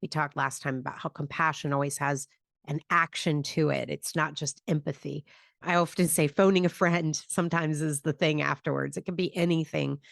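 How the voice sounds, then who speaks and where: A woman hosting a podcast, calmly explaining a mindfulness practice with personal stories. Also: sits low, moderate pace, gravelly, dry recording, clean studio sound. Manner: calm, reflective, explanatory. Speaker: podcast host and grief teacher. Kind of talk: conversational podcast teaching.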